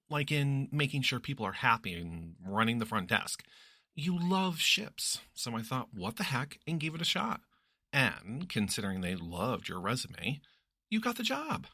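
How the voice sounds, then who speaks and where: A man's voice: sharp tone, breathy edge, dry recording, clean studio sound, exaggerated voice. A man voicing a cheerful, meddling young woman friend in a teasing, bubbly way. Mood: excited. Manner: teasing, bubbly, raises pitch.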